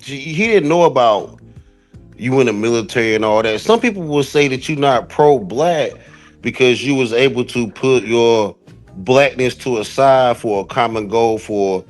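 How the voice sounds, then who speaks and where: A man on a debate show making a measured argument, restarting his points as he goes. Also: medium pitch, soft background music. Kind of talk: argumentative discussion.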